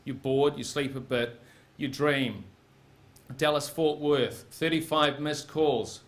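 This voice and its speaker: A man's voice: on the high side, slow pace, slight background noise. A man telling a live story on stage in the second person, with a wry, punchy delivery. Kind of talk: live spoken-word storytelling.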